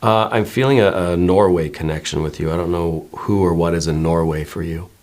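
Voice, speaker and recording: A man with a very low voice gives a slow, gentle tarot reading. He muses and meanders, hedging his guesses and checking in with viewers as he goes. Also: steady tone. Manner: musing and meandering, many hedges and repeated "right?". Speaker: tarot reader.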